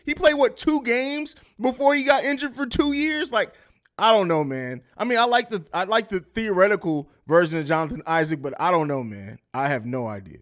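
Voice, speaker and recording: A man's voice: sits high, a bit bright. A man hosting a live sports podcast stream, talking loosely and profanely, laughing often and reading viewer comments aloud. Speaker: podcast host. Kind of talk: casual live-stream chat.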